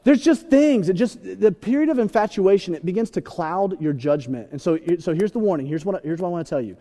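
A man preaching a sermon in a joking, animated way, acting out little scenes. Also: sits high, a little fast. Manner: animated, joking, acts out voices. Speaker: pastor. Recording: reverberant hall.

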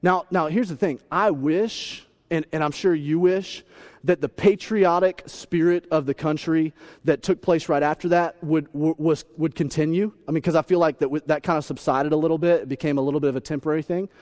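A male pastor in his thirties, preaching with a playful, animated delivery. His voice sits high for a man, and he jumps into little acted-out voices as he goes. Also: fairly quick. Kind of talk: humorous sermon.

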